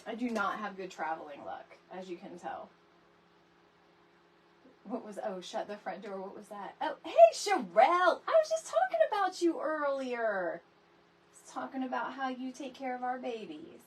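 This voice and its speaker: A middle-aged woman hosting a casual craft tutorial livestream, chatty and animated, greeting viewers by name from her home craft room. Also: a little high, normal speed, a little hiss or hum. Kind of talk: casual live crafting chat.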